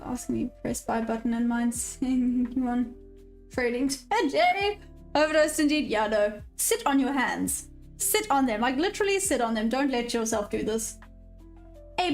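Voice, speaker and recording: A woman's voice: on the high side, lively intonation, moderate pace, gravelly. A South African woman hosting a live trading stream, chatting casually and answering viewers' comments. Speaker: day-trading livestream host. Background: faint background music.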